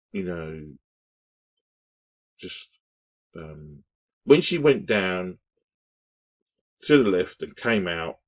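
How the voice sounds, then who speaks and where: A man telling a story in a casual, rambling monologue, animated and full of restarts. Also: mid-range voice, gravelly, breathy edge, dry recording.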